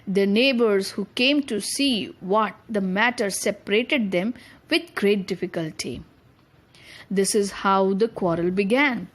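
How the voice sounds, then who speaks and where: Slow, patient woman teacher. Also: mid-range voice. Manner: repeats and rephrases to explain. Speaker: English teacher. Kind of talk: reading and explaining a story chapter.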